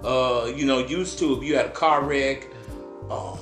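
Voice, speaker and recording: A man's voice: mid-range voice, steady tone, a little slow, echoey room, music in the background. A man, co-hosting a casual podcast, joking and laughing often. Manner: joking, laughs often, puts on voices for quips. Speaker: podcast co-host.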